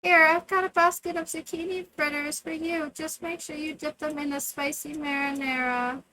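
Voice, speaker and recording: A woman's voice: high-pitched, steady tone, normal speed, pushed and bright, a little hiss or hum, pitched above the performer's own voice, rough recording. A woman voicing a kindly middle-aged male innkeeper, reading his game lines in a light, generous tone.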